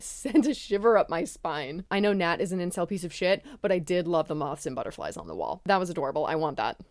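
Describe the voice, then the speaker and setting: Profane, animated woman reviewing a film. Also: medium pitch, no echo, studio quality. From ex-Catholic. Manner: expressive, profane, gushing. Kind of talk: casual film review monologue.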